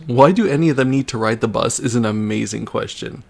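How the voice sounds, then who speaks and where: A man's voice: medium pitch, brisk, gravelly, hardly any pauses, slightly rough. A young man on a livestream reading a fan story aloud for comedy, often breaking into laughter and wry asides. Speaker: livestreamer reading for a charity stream.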